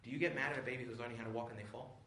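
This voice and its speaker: A man, a priest, giving a retreat talk, joking and lively, often acting out little voices. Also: mid-range voice, racing, a little hiss or hum. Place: retreat hall with audience.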